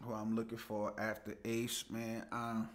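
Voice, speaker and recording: A man's voice: on the low side, monotone, unhurried, slight background noise. A young man hosting a casual live show, chatting loosely, greeting viewers by name and laughing easily as he reads their comments. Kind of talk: casual livestream chat reading viewer comments.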